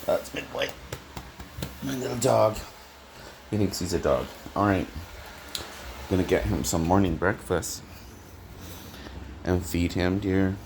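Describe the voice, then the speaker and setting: Holding the camera in his cramped apartment kitchen, a man with a deep, low voice and a Canadian accent rambles through home vlog talk. He stumbles, drifts off with fillers and restarts, and warmly calls both an absent listener and his cat by pet names. Faint background hiss is audible.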